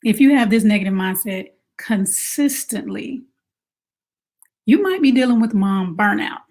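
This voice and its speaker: A woman coaching mothers in a casual advice talk, conversational and animated, asking rhetorical questions. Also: medium pitch, a little slow. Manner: animated, acts out quoted moms in exaggerated voices. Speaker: self-care coach for mothers.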